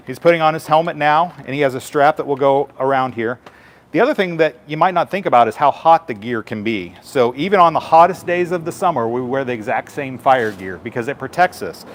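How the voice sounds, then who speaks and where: A man, a firefighter, giving a live station tour and patiently explaining equipment to children in simple terms. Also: mid-range voice.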